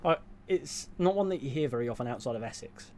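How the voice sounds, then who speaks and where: A man with a mid-pitched voice chats casually on a livestream. He reads viewers' comments aloud and answers them in a dry, offhand way. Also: animated, fast, darkish tone, a little hiss or hum. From England. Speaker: streamer reading chat.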